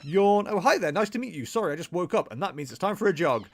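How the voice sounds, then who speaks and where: A chirpy young rabbit creature from a video game, put on by a man just up from a nap and raring to go. The voice sits high and bounces all over the place, bright and energetic. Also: fast.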